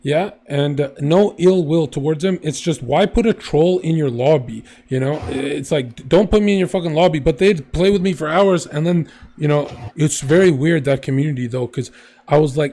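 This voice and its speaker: A man talking in loose, casual chat, telling his stories with lots of energy and plenty of swearing. His voice sits a little higher than most men's. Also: normal speed, gravelly. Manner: animated storyteller, swears freely.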